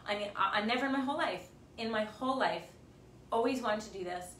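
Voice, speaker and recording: A woman's voice: a little high, fast talker, fairly bright tone, echoey room, far from the mic, slight background noise. A woman in her forties, a fitness instructor, giving a tearful, passionate pep talk on a livestream and repeating words for emphasis. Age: 40s. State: tearful, choked up.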